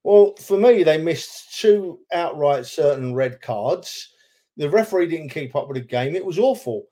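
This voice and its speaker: A man with a fairly high voice, talking passionately in a casual podcast chat. He circles back to his points for emphasis and lets his emotion show. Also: expressive, a little slow, dark tone. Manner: impassioned, emotional, repeats himself for emphasis. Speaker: podcast co-host, football fan.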